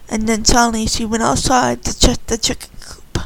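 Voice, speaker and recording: A woman's voice: a little high, flat delivery, normal speed, gravelly, no echo, poor audio. A woman casually retelling a story in an informal way, correcting herself mid-sentence.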